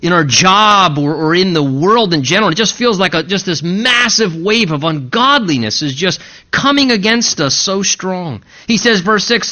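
A pastor preaching a sermon, reading scripture aloud slowly and emphatically between plain explanations. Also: male voice, high-pitched, animated, bright, forceful tone, muffled recording.

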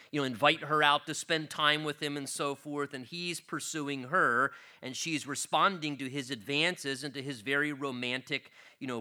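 Bright-voiced man teaching a sermon. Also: on the high side. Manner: earnest, repeats himself while explaining. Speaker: pastor. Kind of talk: expository Bible teaching sermon.

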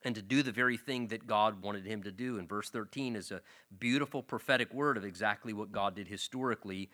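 A man's voice: on the low side, brisk, sharp tone. A man preaching an expository sermon, explaining scripture verse by verse and often repeating words as he goes. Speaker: pastor.

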